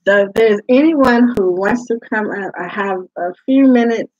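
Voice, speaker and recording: A woman's voice: medium pitch, moderate pace, darkish tone, no room sound. A woman life coach speaking to her group in a live talk, emphatic and repeating her phrases for weight. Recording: dull lo-fi sound.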